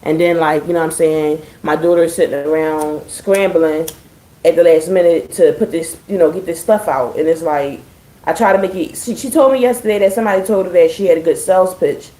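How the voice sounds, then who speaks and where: Chatty woman with a mellow voice. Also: lowish voice, steady tone, brisk, roomy sound, rough recording. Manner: chatty, profane, addressing viewers as y'all; dry sarcasm. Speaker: live streamer. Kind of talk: casual live-stream chat.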